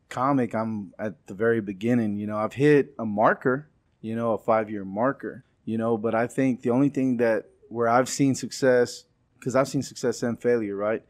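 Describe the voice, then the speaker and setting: A male comedian and show producer telling stories in a casual interview, acting out what other people said. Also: on the low side. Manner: lively storyteller who acts out quoted dialogue.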